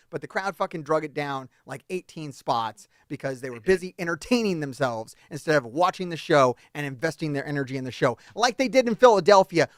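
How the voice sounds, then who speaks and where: Host from New Jersey, high expressive voice, swears freely, dry mic. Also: male voice, dry recording. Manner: profane, ranting, loud outbursts. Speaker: podcast host. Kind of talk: casual wrestling review chat.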